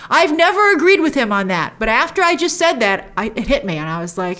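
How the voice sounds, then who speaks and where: Animated woman recapping a TV episode. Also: high voice. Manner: animated, acts out characters' lines in quick voices; frequent asides and restarts. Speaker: host reviewing a TV episode. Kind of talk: casual spoken review.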